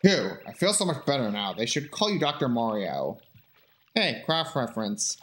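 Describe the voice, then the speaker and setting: Man voicing a big whale with a sore belly, slow and pleading. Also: medium pitch, very animated, natural voice. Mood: relieved.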